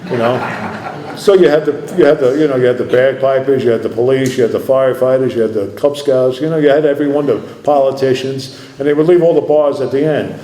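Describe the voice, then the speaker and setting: A man's voice: mid-range voice, a little fast, warm tone. A man speaking at an AA meeting, telling his recovery story in a rambling, self-mocking way. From New Jersey. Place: meeting room. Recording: echoey meeting room.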